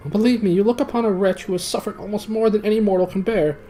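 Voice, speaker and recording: A man voicing a tormented, enchanted knight who begs desperately to be set free, his voice strained and high. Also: steady tone, quick pace, mellow, soft background music, lightly acted, rough recording. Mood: desperate pleading. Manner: high strained pleading, rising to shrieks. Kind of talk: storybook reading.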